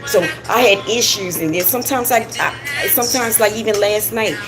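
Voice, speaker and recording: A woman's voice: fairly high pitch, lively intonation, normal speed, over music, poor audio. A woman hosting a live stream, talking casually and informally about spirituality, rambling with laughing asides. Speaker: livestream host. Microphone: camera on a live stream.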